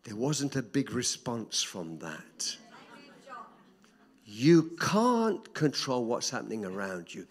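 Older preacher guy, sermon, gets loud and repeats stuff then drops real quiet. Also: medium pitch, big pitch swings, slow pace. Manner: dramatic swings between loud emphatic repetition and soft hushed drops.

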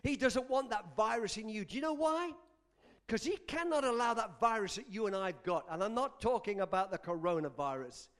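A man's voice: high voice, lively intonation, moderate pace, fairly bright tone. A male pastor preaching a sermon in an emphatic style, repeating lines for stress.

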